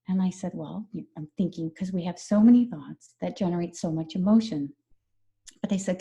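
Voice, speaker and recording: A woman's voice: fairly low pitch, moderate pace, mellow. A woman stress management coach explaining her methods earnestly in a conversational interview, repeating key phrases.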